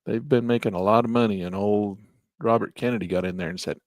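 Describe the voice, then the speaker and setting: Here a trading instructor speaks fast in a fairly low, steady voice. He casually takes viewers through a live trading lesson, thinking aloud over his charts and chatting along the way. Clean studio sound, no echo.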